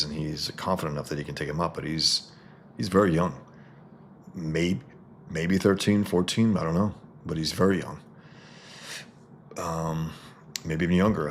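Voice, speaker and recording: Deep gravelly man reviewing comics. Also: a little hiss or hum. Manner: relaxed, with quick asides and sound-effect reading. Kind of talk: casual comic review, reading panels aloud.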